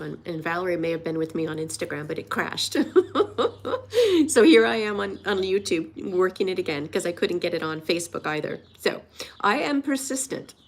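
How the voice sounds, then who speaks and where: A woman's voice: on the low side, gravelly. A woman in her sixties, a weight loss coach, talking earnestly and emotionally in a personal vlog, encouraging her viewers. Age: 60s.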